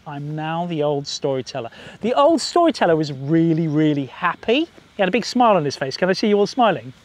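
A man telling stories to a group of children in a park, in a lively sing-song way, coaxing them to join in. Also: on the high side, fairly quick. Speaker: children's storyteller. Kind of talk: storytelling to children outdoors. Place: outdoors in a park.

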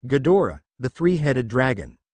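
A man voicing a cold, uncaring teenage boy ninja in a fan story reading, flat and menacing. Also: mid-range voice, moderate pace, slightly rough, dry recording.

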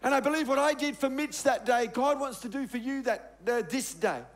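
A middle-aged male pastor delivers a sermon in a strikingly high voice. He tells stories from his own life and leans on emphasis, dropping to a quiet, low tone on his key points. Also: brisk. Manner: emphatic, storytelling, dropping soft on key words.

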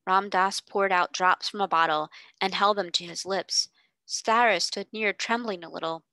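A woman tutor reading a classic novel aloud in clear, steady storybook narration. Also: medium pitch, moderate pace, no echo.

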